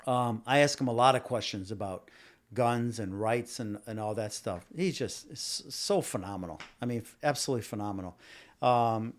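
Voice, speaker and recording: A man's voice: mid-range voice, normal speed. A man in a mid-range voice hosts a casual opinion podcast. He rambles and circles back on himself, stumbling over repeated words. He argues his point and speaks straight to the people watching live. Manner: talks directly to live viewers. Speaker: podcast host.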